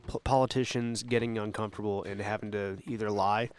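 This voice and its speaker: A man co-hosting a casual podcast, musing out loud in a halting way with stammered restarts. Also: on the low side, steady tone, clean tone. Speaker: podcast co-host. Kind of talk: casual political chat.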